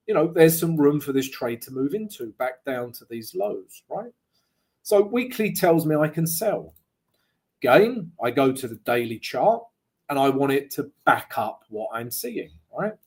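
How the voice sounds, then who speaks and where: A man's voice: fairly high pitch, a little mellow, breathy edge. A man walking viewers through his market analysis in a casual, chatty way, often tagging lines with "right?" and joking along the way. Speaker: trading analyst. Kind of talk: live market analysis walkthrough.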